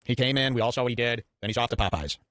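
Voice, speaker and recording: Rapid-fire sarcastic podcast host, man. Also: medium pitch, fairly bright tone, no room sound, clean studio sound. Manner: rambling, sarcastic storyteller. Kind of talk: casual podcast commentary.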